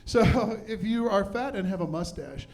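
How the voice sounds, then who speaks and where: A man's voice: high voice, lively intonation, moderate pace, darkish tone. Self-mocking middle-aged male stand-up. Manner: self-deprecating, punchy delivery. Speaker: stand-up comedian. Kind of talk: stand-up comedy set. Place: comedy club stage.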